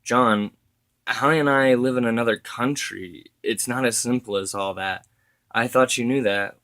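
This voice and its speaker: A man's voice: mid-range voice, normal speed, a bit bright, dry recording, close to an everyday voice. A man voicing a grown woman relative, worried and then tearfully accusing on the phone. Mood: angry, tearful.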